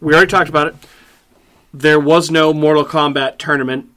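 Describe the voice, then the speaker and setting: Male podcast host, high-ish bright forceful voice, blunt and profane. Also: fairly even intonation, a little fast. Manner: acts out quotes in a slangy voice. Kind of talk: casual movie review chat.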